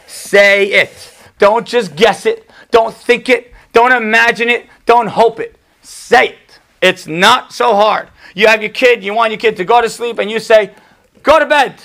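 Middle aged rabbi giving a class, high voice with some fry, keeps repeating the point, cracks little jokes. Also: male voice, steady tone, unhurried, a bit bright. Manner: emphatic, punchy repetition. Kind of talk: Torah class to a live audience.

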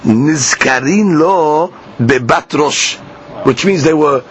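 A man teaching a Talmud class. He reads each line slowly and then explains it in plain English. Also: on the high side. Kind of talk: Talmud class, reading and translating. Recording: dull lo-fi class recording with faint hiss.

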